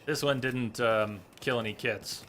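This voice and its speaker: A man's voice: mid-range voice, fairly even intonation, a little slow, fairly bright tone, slight background noise. A man giving chatty live commentary while streaming a game, talking to his viewers and coaxing his in-game horse. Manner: chatty, talks to chat and coaxes his horse.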